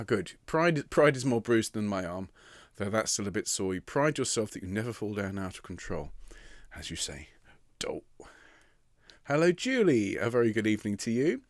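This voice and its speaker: A man's voice: lowish voice, no room sound, studio quality. A man leading a choir rehearsal online from home, greeting singers one by one with chatty teasing, his voice a little sandpapery. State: slightly rough, sandpapery voice. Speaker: choir director. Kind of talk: live online rehearsal chat. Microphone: computer mic on a video stream.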